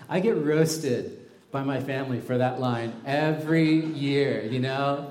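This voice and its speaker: A young male pastor gives a casual, animated sermon, slipping into little acted-out voices when he tells a story. His mid-pitched voice rings out in a roomy hall with a clear echo. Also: measured pace.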